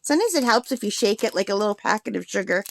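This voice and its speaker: A woman's voice: medium pitch, animated, quick pace, gravelly, a bit bright. A middle-aged woman talking casually and rambling as she works on a craft vlog, laughing often. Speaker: craft vlogger.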